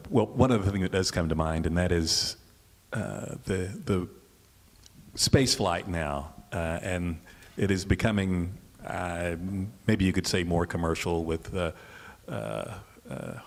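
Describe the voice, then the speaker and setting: A man interviewing for an oral history, asking halting questions full of fillers. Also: sits low, creaky, long reverb tail.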